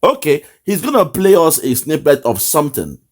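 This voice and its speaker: A man's voice: on the high side, wildly swooping pitch, moderate pace. A man with a Nigerian accent hosting impassioned online political commentary, fiery and mocking, often breaking into laughter.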